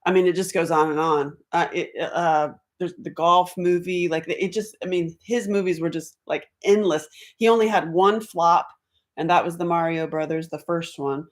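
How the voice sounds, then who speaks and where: A woman chatting on a casual livestream, laughing often, greeting viewers by name and jumping from topic to topic. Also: fairly low pitch. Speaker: livestream host.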